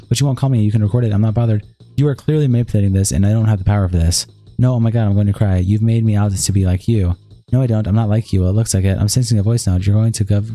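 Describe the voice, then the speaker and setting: Streamer, male, dark mellow tone, rattles through text messages at high speed over faint guitar. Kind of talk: reading a text-message exchange aloud.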